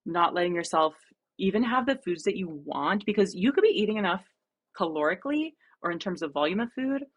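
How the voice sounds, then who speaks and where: A young woman from New Jersey, a guest running coach, talking in a casual podcast conversation in an earnest, animated way and laughing often. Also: lowish voice.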